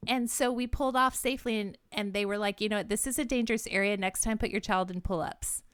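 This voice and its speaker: A woman co-hosting a casual podcast, chatting with quick asides and frequent laughter. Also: medium pitch, steady tone, fairly bright tone, clean tone, dry recording, clean studio sound. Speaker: podcast co-host. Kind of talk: casual chat.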